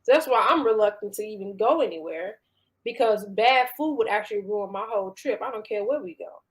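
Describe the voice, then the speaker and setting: A woman's voice: mid-range voice, lively intonation, a little fast, poor audio. A woman with a Chicago accent, chatting easily in a casual panel talk. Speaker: panel co-host.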